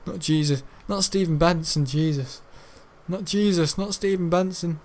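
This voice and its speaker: A man's voice: fairly high pitch, normal speed. A lad in his late teens, streaming a game and rambling through stories. His chat is loose and jokey, and laughter keeps slipping in. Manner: joking, rambling, laughs often. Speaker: gaming streamer. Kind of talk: rambling casual chat over gameplay.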